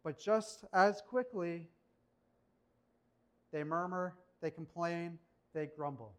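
A man preaching a sermon in a conversational, animated way, often asking rhetorical questions. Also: fairly high pitch, slow.

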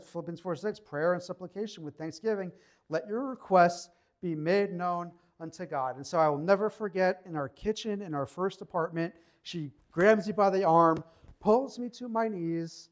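A young man preaching a sermon in a relaxed, conversational way, slowing down when he reads scripture. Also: fairly high pitch. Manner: conversational preaching, slows to read scripture aloud. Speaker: pastor.

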